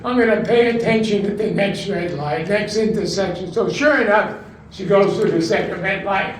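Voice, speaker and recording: An older man doing stand-up at a retirement home talent show, slowly delivering one-liners and chuckling at his own punchlines. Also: high voice. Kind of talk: stand-up joke telling. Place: community room of a retirement residence. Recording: echoey room, distant mic, background noise.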